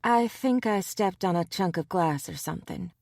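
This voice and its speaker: Woman doing a sassy young shifter woman, wry, quick-witted, audiobook. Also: on the low side, vocal fry, darkish tone, no room sound, studio quality.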